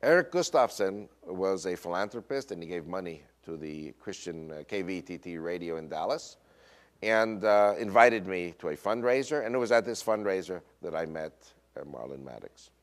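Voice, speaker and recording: An American man with a Northern US accent telling a personal story in a lecture, quoting others and often pausing on fillers. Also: low-pitched. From United States. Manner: animated retelling with quoted voices, frequent uh fillers. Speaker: speaker.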